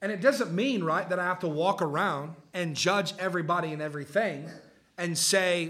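Male pastor, slightly high and forceful voice, conversational sermon to a live church. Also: moderate pace. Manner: conversational, keeps checking in with the room. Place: church service before a live congregation.

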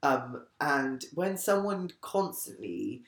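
A woman's voice: extremely low pitch, sing-song, takes it slowly. A woman guesting on a podcast, chatting candidly and rambling with frequent restarts. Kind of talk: casual chat. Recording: echoey room.

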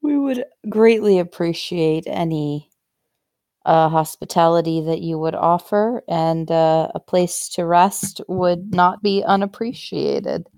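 A woman's voice: fairly low pitch, takes it slowly, darkish tone, no room sound, studio quality. A woman playing a tabletop game, speaking her character's lines in a formal, courteous way. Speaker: player.

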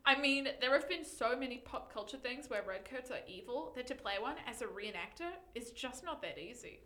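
A young woman co-hosting a podcast in casual chat, animated and giggly, often reading posts aloud. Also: a little high, a little fast, reverberant. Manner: giggly, animated, breaks into loud laughter. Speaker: podcast co-host.

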